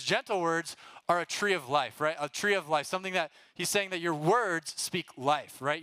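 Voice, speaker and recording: A young man leads a youth group sermon in a loose, chatty way and keeps asking "right?" to check in with the room. His voice sits a bit high, bright and forceful. It is crisp and clean, recorded dry and close. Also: no room sound. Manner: casual and energetic, often checks in with "right?"; talks straight to the group and gets them to call out answers. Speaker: youth pastor.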